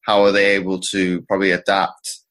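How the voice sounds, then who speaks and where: Low-pitched male podcast host asking probing questions. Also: completely flat delivery, fairly bright tone. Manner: probing, hesitant, builds questions slowly. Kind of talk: interview questions.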